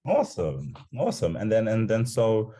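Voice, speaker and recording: A man's voice: fairly low pitch, wildly swooping pitch, moderate pace, dark tone. A man interviewing a guest on a casual podcast, asking questions in playful, teasing banter full of slang.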